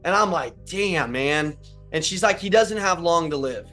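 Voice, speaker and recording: This motivational speaker's voice is a little high, expressive and a bit bright, at normal speed. Speaking earnestly and with emotion to a large-room audience, he repeats his lines for emphasis, captured from a distance in a roomy space with faint music.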